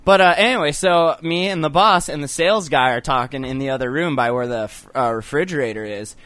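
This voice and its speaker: A young man hosting a casual online show, telling crude stories fast with plenty of swearing and laughter. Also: a little high, a bit bright, no echo. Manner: profane, joking, quick storytelling with laughs. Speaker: podcast host.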